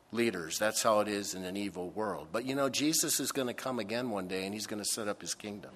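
A man preaching a sermon, slow and emphatic, swinging between loud stressed phrases and soft, low asides. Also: big-room sound. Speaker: pastor.

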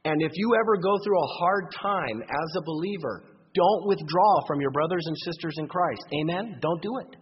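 A pastor preaching a sermon, moving between lively emphasis and quiet asides. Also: male voice, fairly high pitch, moderate pace, breathy edge. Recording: dull lo-fi recording in long-reverb hall.

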